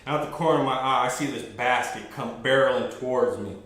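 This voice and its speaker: A man's voice: mid-range voice, a little fast. A man hosting a podcast, telling a story in a casual way and acting out both sides of it. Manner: animated, acts out both sides of his stories. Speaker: podcast host. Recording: echoey room.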